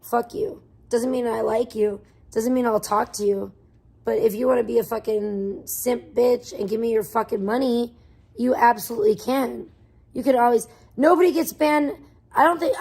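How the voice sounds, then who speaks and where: A woman livestreaming, ranting in a profane, defensive way that swings between muttering and loud outbursts. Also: on the high side, steady tone, moderate pace, creaky, breathy edge. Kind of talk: casual livestream rant.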